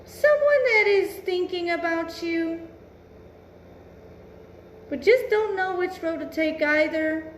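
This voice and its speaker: A woman's voice: very high-pitched, animated, slow, long pauses, roomy sound, a little hiss or hum. A woman giving a casual tarot reading, blunt and emphatic, swearing freely and musing aloud. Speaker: tarot reader.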